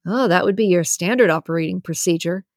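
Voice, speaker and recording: A woman's voice: on the low side, quick pace, no room sound. Cocky wisecracking guy read by a woman, nosy, teasing, audiobook character, dry sound. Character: cocky, teasing male employee.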